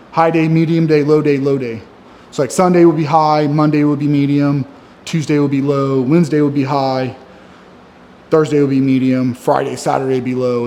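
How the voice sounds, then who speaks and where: A man's voice: on the high side, darkish tone. A man in his thirties venting in a ranting, self-critical monologue for his fitness vlog, wired on coffee. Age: 30s. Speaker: fitness vlogger. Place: gym.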